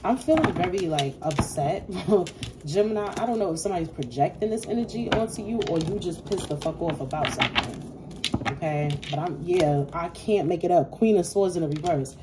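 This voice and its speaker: A woman's voice: fairly low pitch, expressive, moderate pace, very noisy. A woman giving a casual tarot reading to her viewers, talking bluntly and swearing freely. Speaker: tarot reader.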